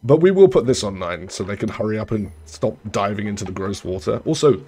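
A man's voice: lively intonation, a little fast, darkish tone, faint music behind. A young man, casually commenting while playing a colony-building game, rambling and correcting himself as he goes. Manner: chatty, rambling, self-correcting, trails off low. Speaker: gaming streamer. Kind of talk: casual let's-play commentary.

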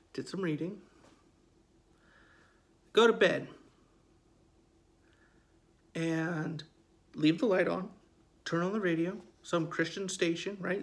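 A man in his forties tells a spooky personal story in a casual, conversational way. He talks slowly and leans on his words, often repeating a phrase for emphasis. His voice sits a little higher than most men's. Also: fairly bright tone.

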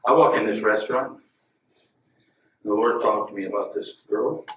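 A man preaches to his congregation in a bright, sharp voice, at times chatty and at times driving hard on his points. The sound is roomy and reverberant, picked up from a distance with faint ambience behind it. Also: lowish voice, normal speed, a little hiss or hum. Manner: conversational, builds to loud emphatic preaching; chuckles and asides to the congregation. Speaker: guest preacher. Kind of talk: sermon. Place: church sanctuary. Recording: echoey church room, mic at a distance.

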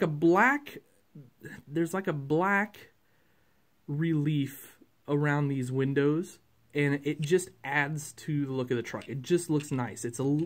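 Chatty man, slightly high voice. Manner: rambling, chatty, with frequent fillers and chuckles. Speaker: toy collector reviewing a model truck. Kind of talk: casual unscripted review.

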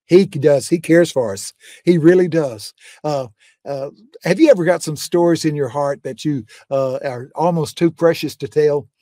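A man's voice: fairly high pitch, normal speed, warm tone, no echo, clean studio sound. An older man, a guest preacher, telling faith testimonies in a folksy, fervent conversational way and often repeating "I'm telling you.".

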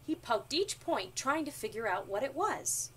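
A woman reading a children's storybook aloud, with expressive narration, recorded from a distance with faint noise. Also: high-pitched, moderate pace. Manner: expressive, animated.

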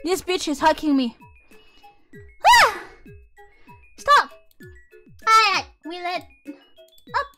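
Young woman VTuber, very high bright voice, hyper and shrieky, casual stream chat over faint music. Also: moderate pace, pauses often. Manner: excitable and shrieky, swears, drops Japanese words. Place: her room at home.

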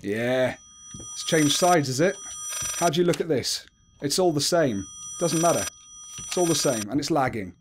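Young man, higher-pitched voice, nervy self-talk while playing a horror game, some faint noise behind. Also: animated, normal speed. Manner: jumpy, swears, talks to himself while playing. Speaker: gaming video creator.

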